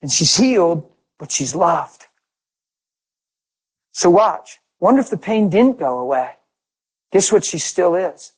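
A middle-aged preacher from Pennsylvania with a somewhat high voice, telling stories in a loose, conversational sermon. He leans hard on his points and keeps asking the crowd questions, then answering them himself. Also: expressive, takes it slowly, long pauses, darkish tone, low-quality recording. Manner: emphatic, asks rhetorical questions and answers them.

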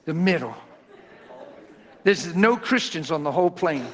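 A man preaching a sermon through folksy, animated personal stories. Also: on the high side, a little slow, noisy background. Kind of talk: storytelling sermon.

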